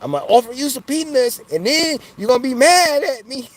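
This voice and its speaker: In a relaxed live chat, the male host jokes around, laughs frequently, and keeps tossing in "you know what I'm saying." He talks a little fast in a very high voice with lively intonation, on a rough recording.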